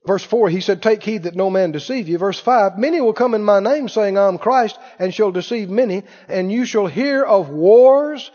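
A man's voice: high voice, animated, moderate pace, hardly any pauses, a little mellow, in a large hall, highs cut off. A man preaching a sermon, emphatic and repetitive, often mimicking other people's voices. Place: church.

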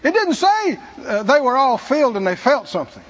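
A male preacher gives a storytelling sermon, animated and self-mocking. His husky voice sits high and swings widely in pitch. The recording is dull and muffled, with a long hall reverb. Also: fairly quick. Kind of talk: testimony sermon. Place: church.

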